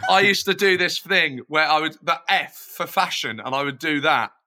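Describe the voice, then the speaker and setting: A man's voice: on the high side, normal speed. A man, a podcast guest, explaining with eager coaching energy in casual chat. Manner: upbeat, coaching, slips into shouted wrestling promo.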